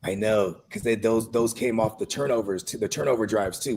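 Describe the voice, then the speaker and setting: A man's voice: lowish voice, brisk, creaky, few pauses, darkish tone, husky. A man co-hosting a podcast, talking in laid-back, slangy banter, swearing freely and laughing often. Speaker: podcast co-host. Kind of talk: casual chat.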